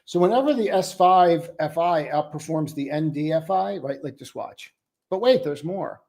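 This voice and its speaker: A man's voice: a little high, animated, moderate pace, gravelly, a little mellow. A man hosting a live trading stream, talking casually and bluntly through market charts with lots of filler words. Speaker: trading show host.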